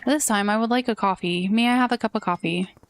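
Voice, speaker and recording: A woman's voice: mid-range voice, quick pace, clean tone, natural voice. A woman voicing a formal, stiff businessman who talks in a robotic way over game music. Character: formal stiff businessman Jerry, adult male.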